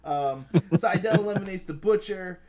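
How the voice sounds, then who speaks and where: A man's voice: high voice, moderate pace, a loud crowd. A man hosting a casual wrestling review chat, blunt and profane, reading out viewer comments as he goes. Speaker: podcast host.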